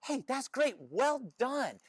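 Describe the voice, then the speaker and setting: A man's voice: very high-pitched, big pitch swings, takes it slowly, no room sound, studio quality, voice pushed up, full character voice. A man voicing an angry, demanding boss in a spoken parable who scolds in indignant, stammering bursts. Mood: approving.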